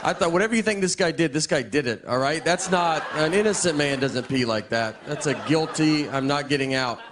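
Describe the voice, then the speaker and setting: A man performing a stand-up set in a deadpan, meandering way with frequent restarts. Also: a little high, a little fast, background noise. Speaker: stand-up comedian. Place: live comedy stage before an audience. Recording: live set with audience laughter. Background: crowd laughter.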